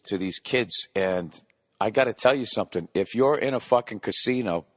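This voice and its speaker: A man's voice: on the low side, no echo, clean studio sound. A man in his forties hosting a solo comedy podcast, ranting profanely and rambling, scolding himself back on topic. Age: 40s. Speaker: podcast host.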